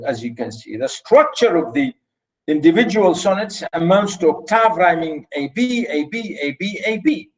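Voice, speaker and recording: A man giving a classroom poetry lecture, halting with many fillers and restarts, counting syllables and rhymes aloud. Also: fairly high pitch, rough recording. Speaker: literature lecturer. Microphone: recorded lecture.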